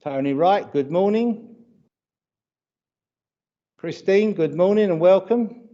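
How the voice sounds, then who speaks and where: A man's voice: high voice, lively intonation, slow, warm tone. A man with a British accent leading a church livestream, chatty and greeting viewers by name, with a touch of hay fever. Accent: British English. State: hay fever, runny nose. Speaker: church service leader. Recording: dull lo-fi livestream audio.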